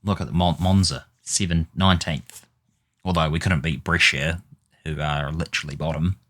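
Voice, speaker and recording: A man's voice: very deep voice, fairly even intonation, normal speed, a bit bright. A man giving casual gameplay commentary, exasperated and swearing as he mutters at the game. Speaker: gaming YouTuber.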